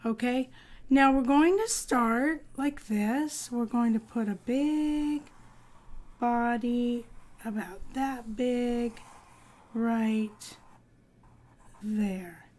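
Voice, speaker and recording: Slow, high-voiced woman reading to kids. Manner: slow, sing-song storytelling with lively character voices. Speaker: kindergarten art teacher. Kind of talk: storybook reading and drawing lesson for young children.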